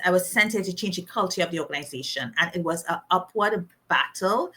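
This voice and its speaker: A middle-aged woman telling a personal story as an interview guest, animated, laughing often and acting out the voices of people she quotes. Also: on the low side, fast talker.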